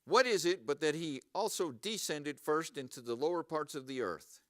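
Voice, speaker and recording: A man's voice: fairly high pitch, moderate pace. A man preaching a sermon to his congregation in church, asking them questions often. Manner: animated, asks the congregation questions. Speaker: pastor. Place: church sanctuary.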